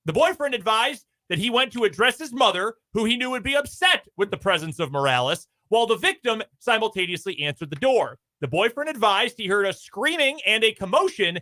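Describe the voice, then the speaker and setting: A man's voice: sits high, very animated, fairly quick, few pauses, sharp tone. A male sports radio host reading out a news story in a radio studio, with wry asides.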